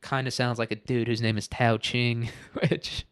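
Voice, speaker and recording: A man's voice: mid-range voice, little pitch movement, measured pace, fairly bright tone, clean tone. A man in the middle of the usual male range, hosting a solo podcast in loose, rambling chat. He swears freely and keeps breaking into laughter. The recording is dry, with no room echo. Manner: rambling, profane, laughs often. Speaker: podcast host. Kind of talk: casual solo podcast monologue.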